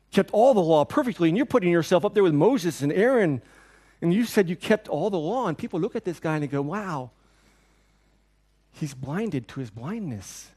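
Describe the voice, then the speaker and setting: Man, middle-aged, pastor, sermon, conversational, animated, slightly high voice, goes soft and quiet at tender moments. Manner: conversational and animated, acting out quotes.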